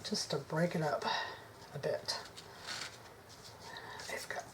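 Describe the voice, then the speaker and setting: A woman vlogging her craft work to camera on a tripod, thinking aloud, indecisive, often dropping into soft mutters. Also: low-pitched, steady tone, slow pace, noisy background. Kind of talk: casual crafting chat to camera.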